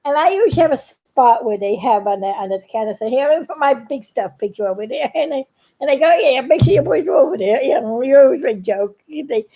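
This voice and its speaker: A woman's voice: sits high, animated, brisk, dark tone. A woman chatting casually to her viewers, telling a story and laughing often. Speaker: YouTube cartoon maker.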